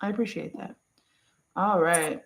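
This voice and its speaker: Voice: medium pitch, unhurried, creaky. A spiritual reader in a casual one-on-one session, talking informally and affectionately with terms of endearment. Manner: relaxed, chatty, informal.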